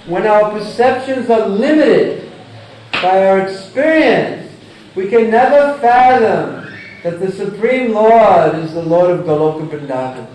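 A man giving a deliberate scripture lecture who chants Sanskrit verses and explains them with examples. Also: high voice, lively intonation, darkish tone. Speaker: religious lecturer. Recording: echoey hall, distant mic, faint noise.

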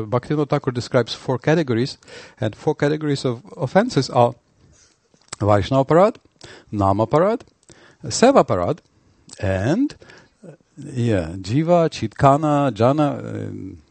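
A man giving a devotional lecture, halting and restarting, telling stories animatedly. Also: mid-range voice, gravelly, dry recording. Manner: halting, many fillers and restarts, animated storytelling. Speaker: spiritual teacher.

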